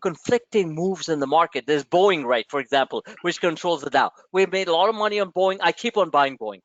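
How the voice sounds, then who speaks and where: Fairly quick and fairly high-pitched, a man hosts a trading show's live market webinar in an animated, brash, joking manner and calls listeners "my friend." Audio is dry, dull lo-fi stream sound.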